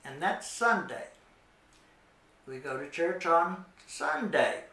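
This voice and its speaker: Very slow, patient man teaching Spanish. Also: fairly high pitch, animated, sharp tone, echoey room. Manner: patient, repeats each word slowly. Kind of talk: slow children's language lesson.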